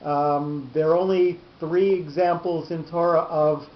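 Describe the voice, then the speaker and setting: A man's voice: a little high, steady tone, measured pace. A man teaching a class on Torah cantillation, explaining patiently step by step and restarting his sentences often. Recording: echoey lo-fi room recording.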